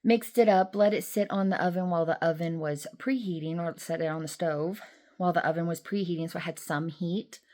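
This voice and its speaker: A woman's voice: fairly low pitch, fairly even intonation, a little fast, mellow. A woman vlogger and rideshare driver talking in a chatty, rambling, emotional and upbeat way. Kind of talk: casual vlog chat.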